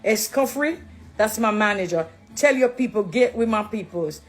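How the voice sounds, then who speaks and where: A woman's voice: medium pitch, lively intonation, normal speed, soft background music. A middle-aged Jamaican woman talking straight to her viewers, preachy and affectionate, slipping between English and patois. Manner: warm, preachy, switching into patois. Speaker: dancehall artist turned Christian. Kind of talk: direct address live video.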